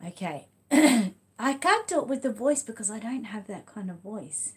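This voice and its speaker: An Australian woman hosting her channel, chatting casually to viewers and a child, then reading a storybook aloud with lively sound effects, in a home room. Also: a little high, unhurried. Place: home room with lights dimmed.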